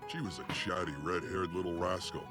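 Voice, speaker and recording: An actor voicing a gruff, aging male ninja sage in an anime dub, speaking in a deep, gravelly, teasing and reflective way. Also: steady tone, a little fast, over music, natural voice. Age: older. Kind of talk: anime English dub acting.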